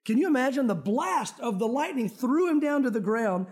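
A man's voice: very high-pitched, sing-song, moderate pace, a little mellow. A male pastor preaching a sermon in church, conversational, with joking asides to the congregation. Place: church sanctuary.

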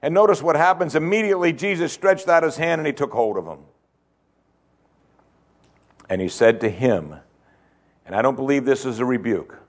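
A man preaching a sermon, swinging between loud emphasis and hushed tones and repeating phrases for effect. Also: mid-range voice, normal speed, pauses often. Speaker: pastor.

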